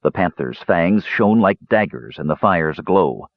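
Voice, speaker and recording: A man reading a fantasy novel aloud in measured storytelling narration. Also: no room sound, muffled recording. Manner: measured storytelling, lively pitch. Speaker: audiobook narrator.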